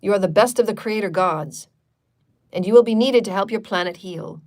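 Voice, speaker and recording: A woman's voice: mid-range voice, moderate pace, darkish tone. Woman channeling a spiritual livestream talk. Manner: repetitive, chant-like affirmations; chatty and loose, with frequent fillers.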